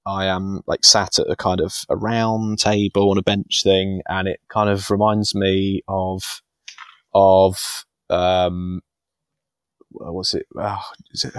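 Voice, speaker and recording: A man in his thirties chats loosely on a podcast, wandering through his thoughts and laughing at himself. His voice sits low, and it is recorded dry and close with no room sound. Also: little pitch movement, slow, clear, resonant tone, no room sound. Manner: rambling, chuckling, self-deprecating. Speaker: podcast co-host. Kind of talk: casual podcast chat.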